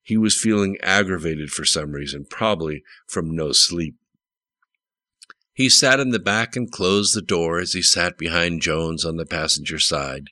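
A man narrating an audiobook with steady, plain storytelling. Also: low-pitched, unhurried, dry recording.

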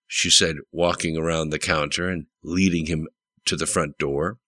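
A man narrating an audiobook with steady, plain storytelling. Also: very deep voice, normal speed, dry recording.

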